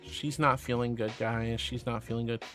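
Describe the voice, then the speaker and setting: A man's voice: mid-range voice, flat delivery, moderate pace, a bit bright, faint music behind. A man streaming as a VTuber, reading chat aloud in a sweet, doting way and calling viewers sweetie and honey.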